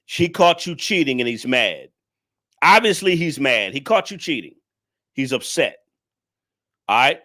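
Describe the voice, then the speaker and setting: Bright-voiced man ranting on a livestream. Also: medium pitch, sing-song, a little slow, long pauses. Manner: preachy, scolding, repetitive. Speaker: livestream commentator.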